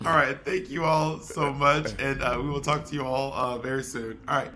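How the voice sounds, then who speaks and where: A man co-hosting a casual chat show, animated and joking, often tripping over his words. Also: medium pitch, unhurried. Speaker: podcast co-host.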